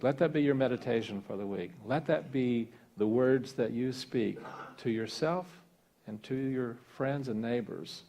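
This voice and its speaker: A male minister leading a congregation through a guided meditation in a church, speaking slowly and softly and sinking toward a hush. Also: medium pitch, gravelly. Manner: slow, soft and calm, sinking toward a hush. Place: church sanctuary.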